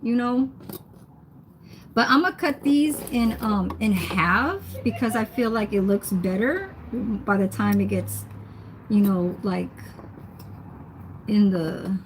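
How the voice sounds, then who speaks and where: A woman's voice: mid-range voice, slow, long pauses, slight background noise. A young woman, chatting casually on a livestream while she cooks, reading comments and laughing often. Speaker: livestream host. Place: home kitchen.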